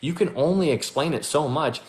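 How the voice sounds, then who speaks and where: A man giving a casual, animated Bible teaching as host, chatty and full of restarts. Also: on the high side, normal speed.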